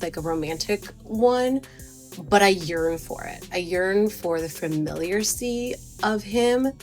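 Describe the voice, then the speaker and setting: A woman in her thirties talking in a rambling, hesitant, emotional confessional vlog. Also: lowish voice. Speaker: vlogger.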